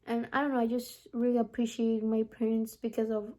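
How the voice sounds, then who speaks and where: A woman's voice: fairly high pitch, completely flat delivery, fairly quick, dark tone. A young woman talking casually to camera in a vlog, rambling with lots of "like" and "honestly". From from abroad, lives in the US. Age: young adult. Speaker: vlogger.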